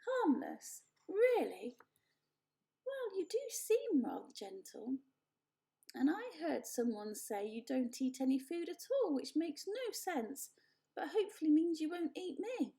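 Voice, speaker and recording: A woman's voice: sits high, very animated, measured pace, vocal fry, dark tone, pitched above the performer's own voice, exaggerated voice. A woman voicing a chatty, theatrical female opossum in a storybook reading, talking in a dramatic, gushing way. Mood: startled.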